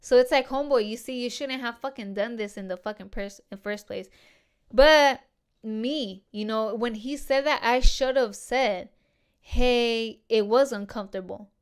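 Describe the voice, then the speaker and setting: On her own podcast, a woman shares a personal story, loaded with slang and swearing, and addresses her audience as "dude" and "girls." Her voice sits on the high side and sounds clear and resonant, and she keeps a measured pace.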